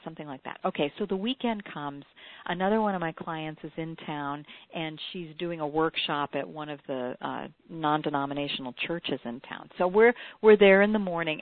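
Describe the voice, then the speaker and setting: A woman co-hosting a talk show, telling an anecdote in a lively way and acting out what people said. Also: low-pitched, a little fast, no echo. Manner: animated storyteller, acts out quotes. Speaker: podcast co-host, former radio interviewer. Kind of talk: casual chat, anecdote. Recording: dry, tinny phone-like sound.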